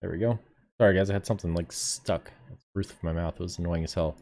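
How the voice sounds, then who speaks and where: A man's voice: low voice, fast, a little mellow. A man streaming a game, chatting casually to his viewers, laid-back and swearing now and then. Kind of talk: casual live gameplay commentary.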